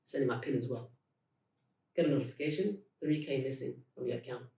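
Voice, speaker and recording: A young man telling a story on a podcast as a guest, animated, acting out the dialogue of people in his story and laughing through the punchlines, often using religious expressions. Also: medium pitch, fairly quick. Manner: peppers speech with religious expressions. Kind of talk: casual storytelling chat. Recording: roomy echo, mic at a distance.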